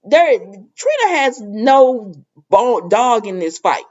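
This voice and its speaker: Animated woman chatting through a soap recap. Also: a little high, slow pace, lo-fi sound. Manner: chatty, animated, laughing, retelling scenes in quoted dialogue. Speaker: soap opera recap host. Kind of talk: casual episode recap.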